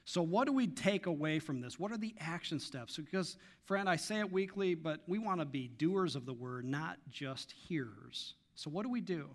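A man preaching a sermon as pastor, emphatic and rising on key lines, then dropping to soft, intimate asides to the congregation. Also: a little high, animated, moderate pace, few pauses.

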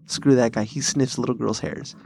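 A man rambles through stories on his podcast, swearing freely. His voice sits at a middle pitch. The sound is dry and close, with no room around it. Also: fairly even intonation, normal speed, creaky, darkish tone, husky, no echo. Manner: profane, rambling bro-style storytelling with frequent laughs. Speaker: podcast host. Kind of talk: casual chat.

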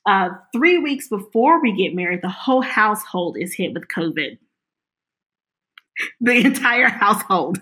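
A woman's voice: mid-range voice, measured pace. A middle-aged woman telling her personal story in an interview, acting out the lines of the people she quotes. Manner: animated, acts out quoted dialogue.

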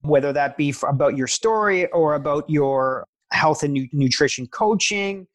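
A man's voice: a little high, normal speed. A man hosting a podcast, asking long, rambling questions in an enthusiastic, encouraging way. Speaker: podcast host. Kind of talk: casual interview chat.

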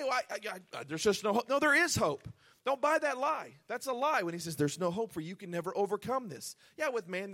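A man pastor preaching a sermon, earnest, moving between hushed pleading and loud emphatic urging. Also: very high voice.

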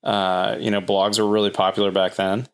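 A man with a fairly low voice chats as a podcast guest. He tells rambling stories in a relaxed, conversational way and slips into quick acted-out quotes. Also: smooth. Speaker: guest, home builder. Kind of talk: casual podcast storytelling.

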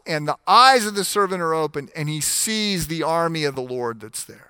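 Bright, crisp-voiced man preaching. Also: fairly high pitch, moderate pace, few pauses, no room sound, clean studio sound. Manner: animated, acts out the scripture voices; frequent restarts and fillers while explaining. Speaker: pastor. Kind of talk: sermon.

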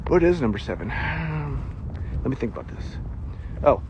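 A man's voice: a little high, expressive, unhurried, lo-fi sound, noisy background. A man with a Southern US accent preaching a casual sermon, chatty and self-deprecating, laughing often as he talks.

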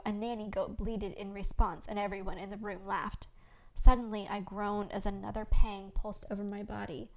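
A woman podcast host reading her own fiction aloud in a gentle, expressive storytelling manner. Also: mid-range voice, normal speed, gravelly, poor audio.

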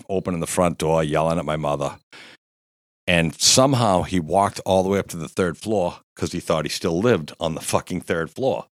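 A man in his fifties with a very deep voice tells a wild story in casual podcast chat. He swears constantly and keeps breaking into laughter as he goes. The sound is close and dry, with no room around it. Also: no room sound. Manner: profane, laughing, animated storytelling. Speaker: guest storyteller.

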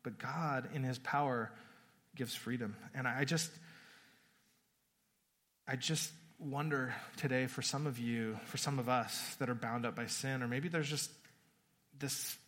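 A male pastor preaching a sermon in a relaxed, conversational way, often restarting words and laughing at the story. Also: mid-range voice, unhurried, long pauses. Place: church hall. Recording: long reverb of a church hall.

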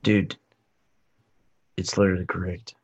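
A man's voice: low voice, little pitch movement, a little slow, husky, lo-fi sound. A man co-hosting a podcast in laid-back, joking casual chat. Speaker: podcast co-host.

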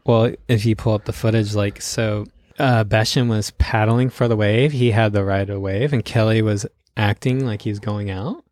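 A man's voice: on the low side, fairly even intonation, normal speed, darkish tone, no echo. A man hosting a podcast in casual chat, telling stories with acted quotes and laughing often. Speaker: podcast host.

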